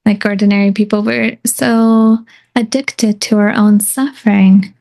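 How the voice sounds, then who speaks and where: A woman hosts a podcast, posing curious, open-ended questions to her guest. Her voice has a gravelly, creaky edge at a middle pitch. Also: steady tone, unhurried, warm tone. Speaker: podcast host. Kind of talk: interview conversation.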